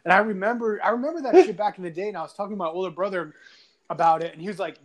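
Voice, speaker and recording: A young man with a notably high-pitched voice rants through a high school grudge story, cursing freely and laughing as he goes. His delivery is animated and loose, like casual chat among friends. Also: rapid-fire. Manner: animated, swearing often, laughing through lines. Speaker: podcast guest telling a story.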